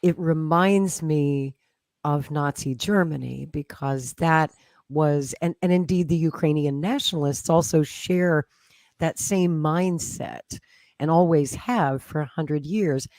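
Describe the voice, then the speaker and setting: A woman from Canada, a historian, giving measured, earnest political commentary. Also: deep voice, darkish tone, no echo. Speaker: historian guest. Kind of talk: political discussion.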